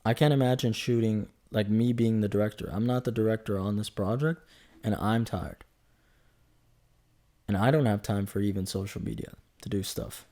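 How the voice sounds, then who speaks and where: A man's voice: fairly low pitch, steady tone, moderate pace, warm tone. Rambling young man hosting a podcast. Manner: rambling, chatty, self-correcting, joking asides. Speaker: podcast host. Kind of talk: casual solo podcast monologue.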